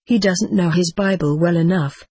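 A woman reading a hushed young sister. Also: lowish voice, normal speed, husky, dry recording.

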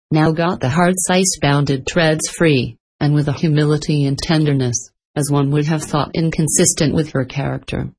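A woman narrating a story in an even, unhurried reading. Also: low-pitched, husky, rough recording.

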